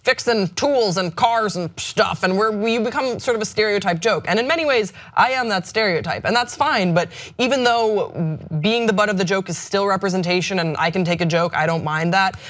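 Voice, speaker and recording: A woman hosting a talk show in casual chat, excited and rambling, with self-deprecating asides and a studio mic. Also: mid-range voice, brisk, hardly any pauses.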